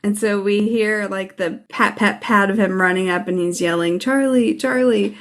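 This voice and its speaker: With a medium-pitched voice and a moderate pace, a podcast co-host gives a casual recap of a TV episode. She tells it in an animated way, acting out the characters' lines as she goes.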